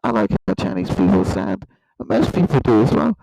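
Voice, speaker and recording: A man's voice: fairly low pitch, sing-song, a little fast, mellow, slight background noise, low-quality recording. A man hosting a satirical comedy video, rambling in a mock-serious way and often tripping over his words. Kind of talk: satirical monologue to camera.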